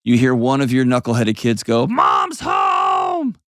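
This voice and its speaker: A man's voice: medium pitch, level tone, a little fast, darkish tone, smooth, no echo, studio quality. A man hosting an advice call-in show, talking bluntly and painting vivid scenes as he coaches a caller. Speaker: host.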